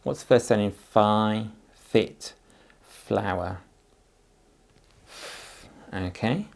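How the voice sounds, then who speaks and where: Slow patient teacher man, gravelly voice. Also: on the low side. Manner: slow, patient, sounding out words and syllables. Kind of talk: phonics lesson demonstration for parents.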